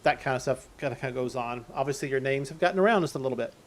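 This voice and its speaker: A man's voice: mid-range voice, rapid-fire, a little hiss or hum. A man narrating a tabletop game as game master, rambling through restarts and fillers.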